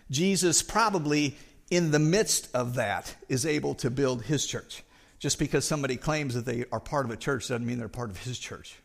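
Earnest preacher man, higher voice. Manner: earnest, repeats words when restarting. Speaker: pastor. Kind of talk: sermon.

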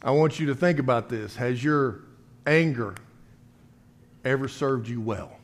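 A man's voice: medium pitch, measured pace. A man preaching a sermon in a conversational way, reading scripture and asking the listeners rhetorical questions.

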